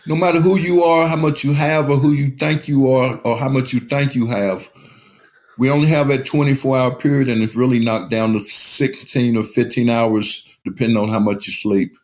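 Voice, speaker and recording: A man speaking as a podcast guest, his voice at an ordinary middle pitch. He tells his story in an open, unguarded way and swears freely. The studio sound is close and clear. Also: fairly even intonation, normal speed, darkish tone. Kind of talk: casual recovery podcast talk.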